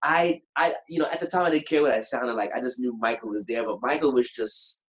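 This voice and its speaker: A singer and performer telling a story in a lively, animated way, acting out moments and humming bits of songs. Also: male voice, medium pitch, a little fast. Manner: animated, acts out moments, sings snippets. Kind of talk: casual storytelling. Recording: dull lo-fi sound.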